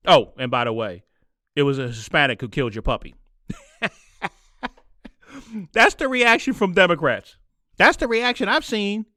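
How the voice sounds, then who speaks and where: Bright, animated male podcast host. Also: moderate pace, pauses often, dry recording, studio quality. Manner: sarcastic, mocks others in shrill put-on voices. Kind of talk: opinionated monologue.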